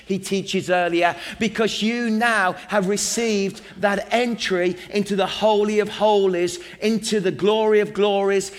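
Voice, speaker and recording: High-voiced English man preaching. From England. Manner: repetitive preaching cadence, building phrases; earnest, emphatic. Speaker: pastor. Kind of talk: sermon.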